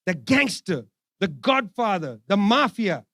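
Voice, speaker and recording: A man's voice: sits high, big pitch swings, measured pace, creaky, fairly bright tone, dry recording, clean studio sound. A man giving an impassioned speech at a forum, sarcastic and repeating phrases for emphasis. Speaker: speaker at a political forum. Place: forum event hall.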